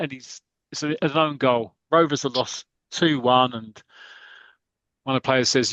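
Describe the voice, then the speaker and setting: A man's voice: medium pitch, steady tone, unhurried, fairly bright tone, no echo, dull audio. A man hosting a podcast, casually retelling a comic story in a rambling, chatty way. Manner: rambling, many fillers and restarts, chatty. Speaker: podcast host.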